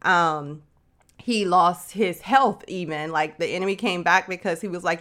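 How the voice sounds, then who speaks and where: A woman's voice: lowish voice, normal speed, a bit bright. A woman hosting a podcast, teaching about the Bible in a casual, chatty way and calling the listener sis. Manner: chatty, addresses listener as sis, slangy asides. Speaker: podcast host.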